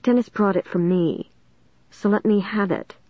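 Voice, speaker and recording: A woman reading an audiobook, voicing an angry, possessive teenage girl who speaks in a sharp, demanding way. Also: mid-range voice, normal speed, dry recording, dull audio, lightly acted.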